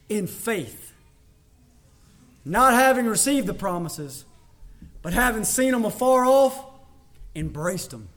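A man preaching a sermon as a pastor, talking conversationally with emphatic repetition. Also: high-pitched.

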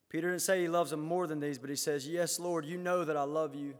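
A high-pitched man delivers a sermon, lifting his voice loud on the scripture he quotes and falling low and quiet on his own remarks. His words ring out with a long reverb, as if across a large church sanctuary. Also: fairly even intonation, fairly quick. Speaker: preacher.

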